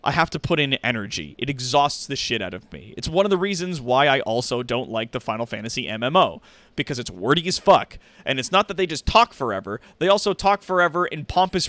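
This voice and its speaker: A man's voice: medium pitch, no echo. A man streaming, chatting casually and ranting with lots of swearing. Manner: animated, rants with heavy swearing. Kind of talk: casual gaming stream chat.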